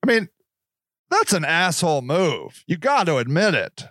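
A man's voice: fairly high pitch, big pitch swings, measured pace, sharp tone, dry recording, clean studio sound. A man in his sixties hosting a podcast, ranting in a profane, sarcastic way and laughing at himself. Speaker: podcast host. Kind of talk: casual ranting monologue.

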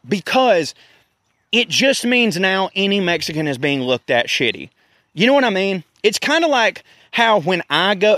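A man's voice: sits high, fairly bright tone, no echo, studio quality. A man, ranting casually and profanely as a host, and putting on voices for the people he quotes. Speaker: podcast host. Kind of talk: casual rant.

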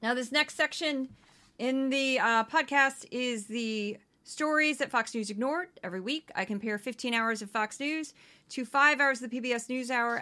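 Bright-voiced woman podcaster. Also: a little high. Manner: animated, self-deprecating, laughs often. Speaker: podcast host. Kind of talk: commentary podcast.

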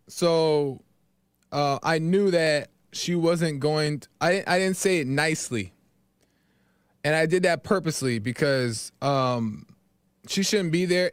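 Guy rambling thru a story on his podcast, kinda high voice, lots of "right?" and "you know", dry close mic. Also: clean tone, no room sound. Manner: loose, repetitive, talks in fillers and "right?". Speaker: podcast host. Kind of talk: casual storytelling monologue.

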